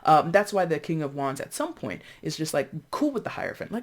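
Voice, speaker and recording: Talking straight into the camera, a tarot reader gives a loose, conversational reading in a middle-range pitch with big pitch swings. Her speech is thick with "like" and "you know" and restarts as she thinks aloud, and she slips in quick voiced asides quoting and acting out others' reactions.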